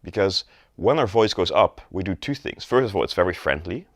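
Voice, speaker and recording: A man teaching sales technique in an instructional video, demonstrating rising, flat and falling tones in his examples. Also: low-pitched, a little fast, dry recording, studio quality. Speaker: sales coach.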